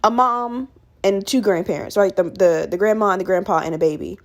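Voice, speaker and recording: A woman's voice: mid-range voice, a little fast. A young woman hosting a podcast, telling a story casually with lots of swearing and acting out other people in raised voices. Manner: animated, profane, acts out quoted people in raised voices. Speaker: podcast host.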